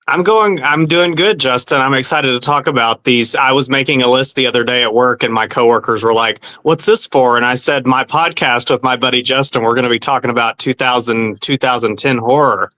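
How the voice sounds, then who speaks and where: A man's voice: medium pitch, brisk, few pauses, pushed and bright. Easygoing man podcast co-host. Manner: easygoing, sincere, laughs lightly. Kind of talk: casual podcast chat.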